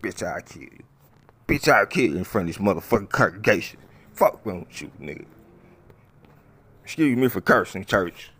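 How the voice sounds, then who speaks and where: A man's voice: low voice, sing-song, normal speed, long pauses, fairly bright tone, voice pushed down, exaggerated voice. A man voicing a hot-tempered, menacing tough guy who swears and threatens in a comedy skit. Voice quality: gravelly, profane. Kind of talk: comedy skit with character voices.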